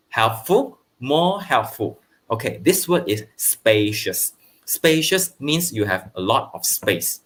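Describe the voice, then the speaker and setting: A man teaching primary school grammar online, explaining slowly and checking understanding with "okay", with brief bits of Mandarin. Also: on the low side. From Malaysia. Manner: switches into Mandarin for translations.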